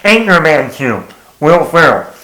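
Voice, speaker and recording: A man reviews a film in a blunt, exasperated way and swears freely. His voice sits a little high for a man, and he talks slowly and unhurriedly. The room around him is noticeably echoey. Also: big pitch swings, bright, forceful tone, slight background noise. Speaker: movie reviewer. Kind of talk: casual spoken film review.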